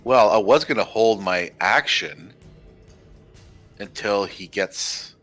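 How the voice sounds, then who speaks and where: Deep slow guy playing d&d, bright voice, asks about the rules. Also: soft background music. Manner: unhurried, asks rules questions. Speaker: player. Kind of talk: casual game chat.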